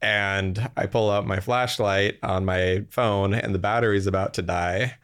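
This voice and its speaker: A man's voice: on the low side, fairly even intonation, unhurried, a bit bright, clear, resonant tone. A young adult man, an interview guest and company executive, telling a rambling anecdote with fillers and laughs. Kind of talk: casual storytelling interview.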